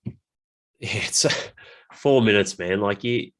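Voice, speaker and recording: Blunt, swearing podcast host. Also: male voice, on the low side, slow pace. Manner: blunt, swearing, animated, mimics people. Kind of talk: casual podcast chat.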